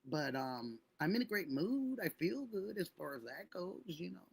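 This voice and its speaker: Gravelly, effusive woman livestream host. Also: lowish voice, very animated, normal speed, a little mellow, dry recording. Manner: effusive, chatty, thanks viewers by name. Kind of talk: casual livestream chat greeting viewers.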